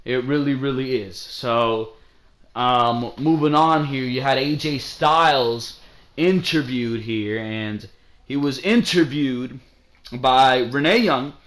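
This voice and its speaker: A man's voice: mid-range voice, slow, a bit bright. A young man hosting a solo wrestling review show, talking in a blunt, profane, ranting way. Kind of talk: casual solo review commentary.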